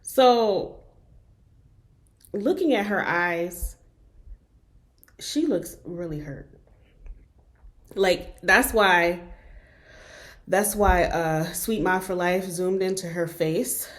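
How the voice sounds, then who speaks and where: A woman hosting a reaction video, chatty and drawn-out, pausing to comment with many hums and asides. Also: on the low side, a bit bright. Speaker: reaction channel host.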